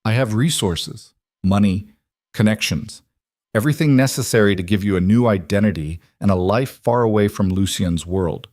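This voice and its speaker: Guy voicing a cultured russian-accented mob boss, smooth and persuasive, low dry voice. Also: moderate pace, darkish tone, dry recording, close to an everyday voice. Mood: smooth menace. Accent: faint Russian. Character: cultured, menacing male crime boss.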